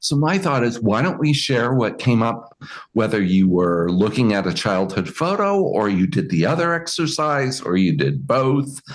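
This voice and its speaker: A man leading an online group coaching call, speaking in a reflective, admiring way with trailing restarts. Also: deep voice. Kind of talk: casual group coaching talk.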